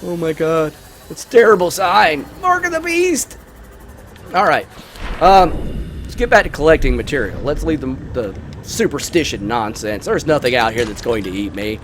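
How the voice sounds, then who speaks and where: A man casually chatting over a video game while retelling a movie plot, rambling and excitable, with lots of fillers. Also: medium pitch, normal speed, slight background noise. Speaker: gaming YouTuber. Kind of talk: casual gameplay commentary with movie review.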